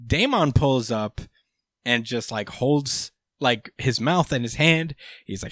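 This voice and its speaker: A man's voice: medium pitch, animated, slow pace, fairly bright tone, dry recording. Laid-back man swearing through a recap. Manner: laid-back, swears freely, many fillers. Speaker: podcast host. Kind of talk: casual chat, recapping a manga chapter.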